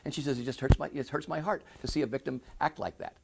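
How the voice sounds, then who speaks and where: A middle-aged man giving an oral history interview, speaking earnestly with many halting restarts. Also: medium pitch, creaky, noisy background. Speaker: interviewee, victim services director.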